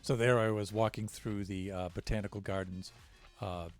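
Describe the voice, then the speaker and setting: A man's voice: on the low side, steady tone, moderate pace, faint music behind. An American man casually chatting with his stream viewers, rambling with lots of fillers and restarts. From United States.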